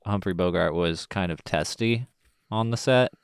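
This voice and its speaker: A man co-hosting a podcast who talks about a film in a slow, measured way, with many pauses. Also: deep voice, clear, resonant tone, no echo, clean studio sound. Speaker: podcast co-host. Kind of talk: casual film discussion.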